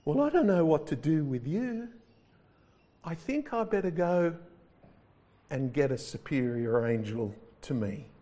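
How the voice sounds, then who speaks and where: A man's voice: on the high side, big pitch swings, a little slow, long pauses, mellow. A man voicing an officious male angel who quizzes new arrivals at heaven's gate in a prim, raised voice. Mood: flustered.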